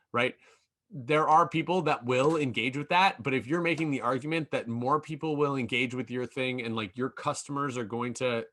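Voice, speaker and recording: A man's voice: mid-range voice, fairly bright tone. A man giving a casual workshop lecture, full of ums and likes and joking asides. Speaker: workshop presenter.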